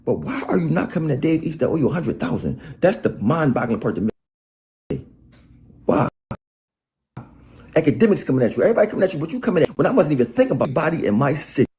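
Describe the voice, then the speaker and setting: Fast, taunting New man ranting. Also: fairly high pitch, very animated, warm tone, a little hiss or hum. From Harlem, New York. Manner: taunting, mocking, rapid-fire trash talk. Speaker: rapper in played video clip. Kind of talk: animated insult rant.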